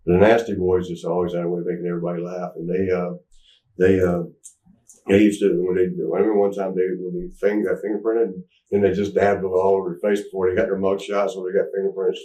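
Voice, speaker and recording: Middle-aged man, interview guest, loose stop-start storyteller; deep, dark tone, recorded at a distance in an echoey room. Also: level tone, quick pace. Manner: rambling, stop-start storytelling, acts out quotes loudly.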